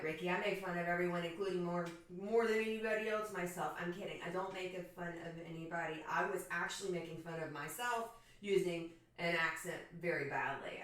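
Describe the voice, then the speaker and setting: A woman's voice: medium pitch, a bit bright. A woman in her thirties from Florida, telling a profane, joking story casually to her stream chat. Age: 30s. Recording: echoey room, far from mic.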